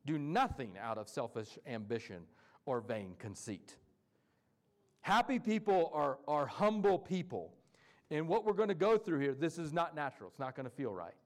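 A male pastor preaching a sermon in an animated, folksy way, acting out quotes. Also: a little high, moderate pace.

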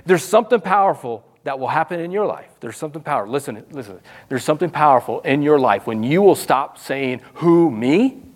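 A man delivers a sermon in a notably high voice. His preaching is animated and conversational, and he jumps into quoted voices to act them out. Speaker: pastor.

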